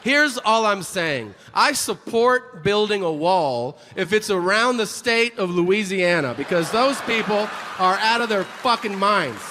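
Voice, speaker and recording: A man's voice: high voice, lively intonation, a little slow, hardly any pauses, bright, forceful tone, a faint crowd. A man in his forties doing stand-up comedy on a theater stage, telling brash, profane stories into a handheld mic. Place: theater stage before a live audience. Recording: live hall reverb with audience noise.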